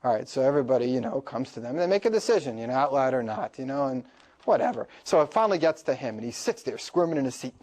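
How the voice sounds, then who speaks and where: A man lecturing to a class, telling a story in an animated way and laughing often. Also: medium pitch, fast talker.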